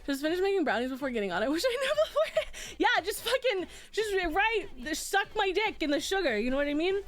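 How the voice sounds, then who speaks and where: A woman streamer chatting casually and retelling a book, animated, swearing freely and laughing often. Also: very high voice, a little fast.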